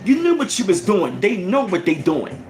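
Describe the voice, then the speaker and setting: A man ranting casually to his livestream viewers, animated and profane, repeating himself as he goes. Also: high voice, moderate pace, roomy sound, soft background music. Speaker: channel host.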